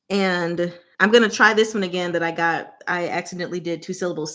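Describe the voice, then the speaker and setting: A woman hosting a casual livestream word game. She gives clues in short, deliberate fragments and laughs often. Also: lowish voice, fairly even intonation, a bit bright. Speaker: channel host running a livestream game.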